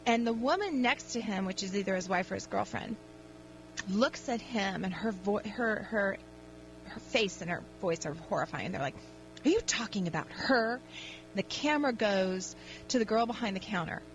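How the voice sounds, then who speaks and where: A woman's voice: a little high, a little hiss or hum, low-quality recording. A woman hosting a call-in radio advice show, talking in an upbeat, emphatic pep-talk manner.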